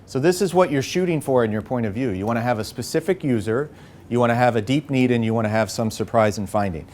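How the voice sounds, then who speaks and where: A man leading a live workshop, coaching the group with an energetic manner and frequent "okay?" and "right?" check-ins. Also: medium pitch, fast, slight background noise. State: a bit out of breath. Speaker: workshop facilitator. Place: workshop room.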